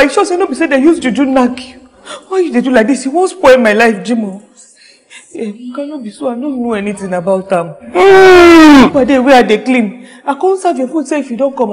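Brief: a meddling, high-pitched housemaid in a film drama, Nigerian Pidgin accent, sharp scolding and sweet coaxing. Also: female voice. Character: teasing, meddling female house help. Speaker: actress in a Nollywood film.

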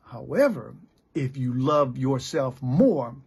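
A man's voice: mid-range voice, lively intonation, slow, darkish tone. A middle-aged American man preaching a blunt, candid sermon as a pastor. He talks plainly and often restarts his sentences. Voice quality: gravelly and very raspy. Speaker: pastor and missionary.

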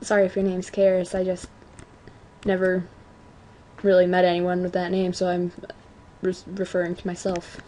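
A teenage girl at home giving chatty, self-mocking commentary on a video game, often apologizing and breaking into excited outbursts. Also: fairly low pitch, a little slow, pauses often. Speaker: let's play gamer. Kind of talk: casual gameplay commentary.

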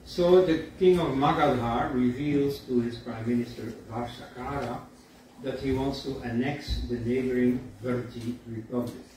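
A man giving a university lecture in a storytelling way, often pausing with fillers and asides like "you see.". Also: medium pitch, darkish tone. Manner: conversational, frequent "you see" and filler pauses. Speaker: guest lecturer. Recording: echoey hall from far off, faint background noise.

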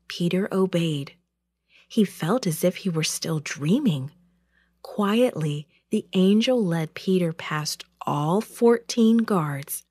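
A woman tells a children's Bible story at an unhurried pace, her pitch rising and falling with expression. The recording is close and dry. Her reading is deliberate and clear. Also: expressive, a little mellow, no echo. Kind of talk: storybook narration.

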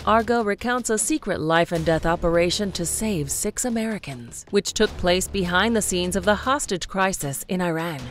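Narrator, female, low-ish register, even scripted list reading over light music.

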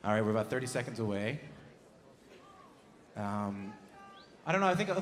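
A man's voice: medium pitch, sing-song, fairly quick, pauses often, slight background noise. A man hosting a live radio show on a theatre stage, upbeat, joking and self-deprecating between segments. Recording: echoey theatre with crowd and music. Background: audience and music.

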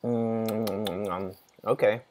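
A man's voice: fairly low pitch, fairly even intonation, drawn-out words, a little mellow, a little hiss or hum. A man casually commenting as he plays a game, muttering, reacting and sometimes swearing. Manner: mutters and reacts while playing, swears, laughs. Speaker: gaming channel host.

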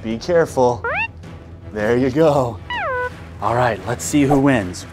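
A young woman hosting a children's learning show, speaking slowly and clearly to little kids and breaking into excited exclamations. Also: extremely low pitch. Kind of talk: playful educational talk to young children. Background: background music.

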